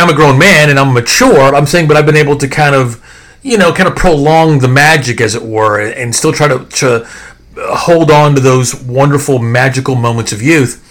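A middle-aged man hosting a podcast, telling nostalgic stories in a rambling, animated way full of fillers and restarts. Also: on the high side. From American South. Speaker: podcast host. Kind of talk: casual nostalgic storytelling.

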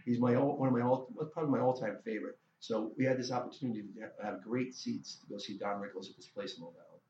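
A middle-aged man, a guest musician, telling a story in a casual interview, animated and full of restarts and stammers. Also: mid-range voice, fast talker, a little hiss or hum. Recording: roomy, dull lo-fi sound.

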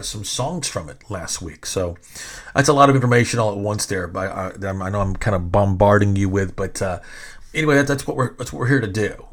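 A middle-aged man hosting a podcast. He tells stories casually in rambling, self-interrupting sentences and swears often. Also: lowish voice. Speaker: podcast host. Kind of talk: casual storytelling.

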